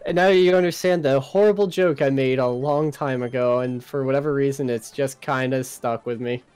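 A man's voice: mid-range voice, steady tone, moderate pace, darkish tone, clean tone. A man chatting casually as a co-op streaming partner, teasing and friendly. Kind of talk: casual gameplay chat.

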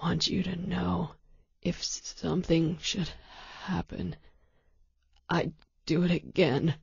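A woman reading an audiobook voices a badly wounded man struggling to stay conscious, speaking in weak, breathless, halting words. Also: on the low side, little pitch movement, darkish tone, dry recording, lo-fi sound, exaggerated voice. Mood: weak, strained. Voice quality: husky and gravelly.

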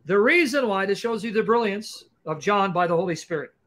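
A man with a high, bright voice leads a livestream Q&A. He lectures emphatically and fast, pressing each point home. His delivery has a combative edge. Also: lively intonation. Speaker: Christian apologist host. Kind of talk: livestream teaching Q&A.

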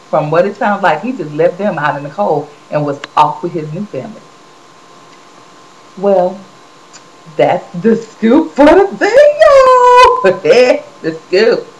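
A woman vlogger chatting casually about celebrity gossip, an animated and expressive storyteller. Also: low voice. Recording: dull lo-fi recording with faint hiss.

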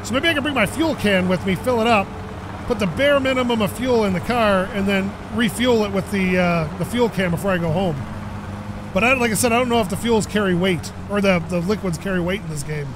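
A man's voice: high-pitched, brisk. A man chatting casually while playing a car game, rambling and self-deprecating, his voice a bit worn. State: losing his voice. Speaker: gaming YouTuber. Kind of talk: casual gameplay commentary. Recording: noisy game audio behind voice. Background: car engine and game ambience.

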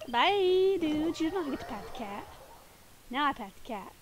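A woman's voice: high voice, expressive, a bit bright, a little hiss or hum. A woman live-streaming a game from home, chatting playfully and giggling, a little sniffly and groggy. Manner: playful and giggly, quick asides. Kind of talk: casual live-stream chat.

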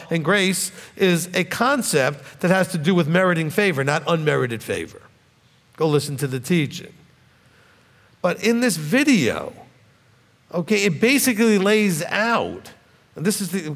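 A rabbi delivers a sermon, his gravelly voice swinging widely in pitch as he moves from easy explanation to emphatic insistence. The sound carries a long hall reverb. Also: very animated, normal speed. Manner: conversational teaching that rises to forceful emphatic peaks. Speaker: rabbi teaching a congregation. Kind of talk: sermon teaching.

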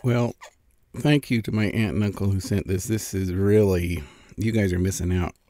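A middle-aged man chats casually through an eating vlog, pausing to savor each bite. His voice sits a little low. The sound is dry and close, as if the mic is right beside him. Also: warm tone, dry recording. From California. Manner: chatty, savoring food between remarks. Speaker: food vlogger.

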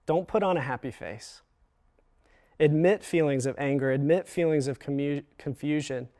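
A man giving a chapel sermon in an earnest, measured way, slowing down for emphasis and pausing often. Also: a little high, mellow. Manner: earnest, measured, with slow dramatic pauses. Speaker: chapel speaker.

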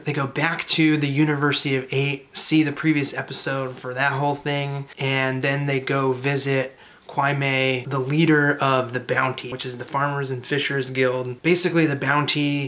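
Man narrating a game recap, rambling and chatty, fairly flat delivery. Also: medium pitch. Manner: loose and rambling, with many filler "like"s. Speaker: storyteller recapping a tabletop campaign. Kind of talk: casual story recap.

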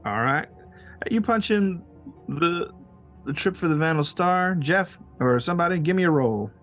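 A man running a tabletop game as game master, relaxed and laughing often. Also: on the high side, normal speed, faint music behind.

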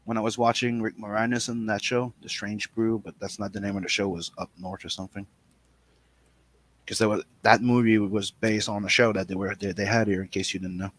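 A man from Canada hosting a casual podcast chat, animated and profane, often stammering and restarting his sentences. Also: fairly low pitch, brisk, no echo. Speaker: podcast host.

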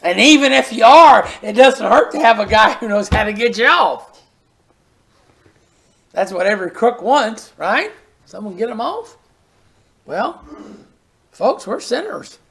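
A preacher delivering a folksy sermon and reading scripture aloud. The voice is gravelly, and words are often repeated when a point is pressed. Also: medium pitch, lively intonation, a little slow, long pauses, a bit bright.

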